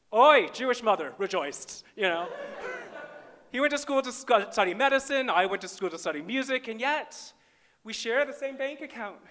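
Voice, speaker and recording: A man's voice: sits high, bright, forceful tone, slight background noise. A man from small-town Minnesota doing a live stand-up comedy set on stage, with wry, self-deprecating punchlines.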